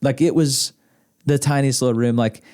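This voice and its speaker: With a darkish, mid-range voice, the man holds a steady tone at a moderate pace. He's an Arkansas podcast guest married to the host, casually rambling through stories while chuckling and often restarting his sentences, seated indoors in a podcast studio room.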